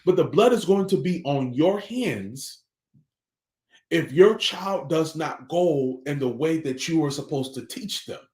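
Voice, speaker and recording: A man's voice: a little high, a little mellow, roomy sound. A man giving a morning motivational talk about family life, earnest and preachy, returning again and again to pointed rhetorical questions.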